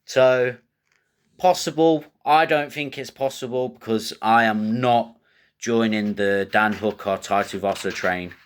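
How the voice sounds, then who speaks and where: A man's voice: mid-range voice, measured pace. A man giving blunt, rambling fight picks and betting tips in casual, coarse commentary. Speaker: MMA betting tipster host.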